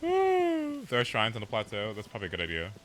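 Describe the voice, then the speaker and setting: A man chatting casually while streaming a game, rambling and animated, with swearing and sudden whoops. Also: fairly low pitch, rapid-fire, slight background noise. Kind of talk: casual gameplay chat.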